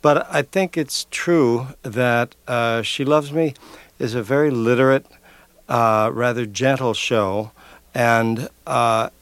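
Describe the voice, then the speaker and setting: An older man, a lyricist, answering questions in a radio interview in a reflective, measured way. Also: mid-range voice, fairly even intonation, clean tone, no room sound. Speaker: lyricist guest. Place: radio studio. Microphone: studio mic.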